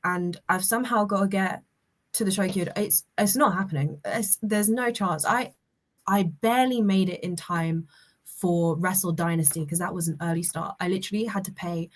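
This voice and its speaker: A woman's voice: on the low side, moderate pace. A woman telling stories as a guest in a casual chat, restarting sentences as she goes. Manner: chatty storyteller with many restarts.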